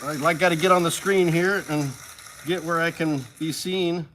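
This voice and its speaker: A man's voice: on the high side, fairly even intonation, moderate pace, fairly bright tone, slight background noise. A man from the hosting a casual live stream from a music store studio, upbeat and rambling.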